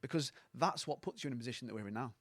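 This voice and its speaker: A man's voice: mid-range voice, very fast, fairly bright tone, dry recording. A man, a coaching mentor, giving blunt, sweary, sarcastic advice as a guest on a casual podcast.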